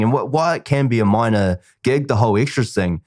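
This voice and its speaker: A man hosting a podcast, with a rambling, animated way of telling stories. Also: fairly low pitch, fast talker, hardly any pauses, dry recording, studio quality. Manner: animated storyteller, frequent "like" and "you know". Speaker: podcast host. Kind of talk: casual chat.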